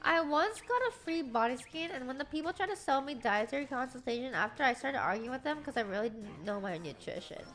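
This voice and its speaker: A woman streamer chatting casually, telling stories in an animated, profane way. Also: high voice, fairly quick, few pauses, soft background music. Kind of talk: casual livestream chat.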